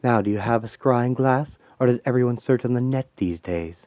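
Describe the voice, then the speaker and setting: A man's voice: medium pitch, a little fast, no echo, natural voice. A man voicing a wry male occult scryer in a fan radio play, musing as he gazes into a crystal. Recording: tinny dry lo-fi sound.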